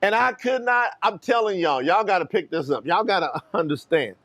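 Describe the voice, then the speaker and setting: High-voiced motivational speaker. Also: male voice, moderate pace. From Kentucky, US. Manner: animated, talks straight to viewers. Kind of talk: personal storytelling to online viewers.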